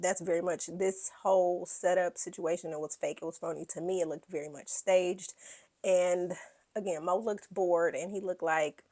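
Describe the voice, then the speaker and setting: A woman's voice: lowish voice, steady tone, normal speed, darkish tone. Blunt, sassy woman doing a TV recap. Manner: acts out quoted lines in put-on voices. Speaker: podcast host. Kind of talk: reality TV recap commentary.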